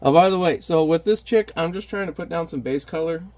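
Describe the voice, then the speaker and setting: A man's voice: fairly high pitch, brisk, a little mellow. Rambling man chatting while he paints. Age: adult parent. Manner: rambling, candid, self-deprecating. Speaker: artist painting on camera. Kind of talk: casual chat while painting.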